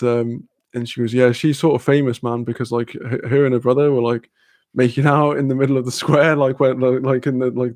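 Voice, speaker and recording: A man's voice: mid-range voice, a little mellow, dry recording, clean studio sound. A young man telling rambling stories and answering chat on a casual live stream, swearing freely between lots of fillers. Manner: reads out and answers chat comments.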